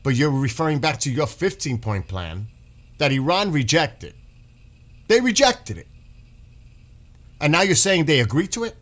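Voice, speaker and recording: A man's voice: a little high, big pitch swings, moderate pace, long pauses, a bit bright. Exasperated, sarcastic man ranting. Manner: exasperated, sarcastic, swears, reads posts aloud and mocks them. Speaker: streamer reacting to news. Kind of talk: ranting political commentary.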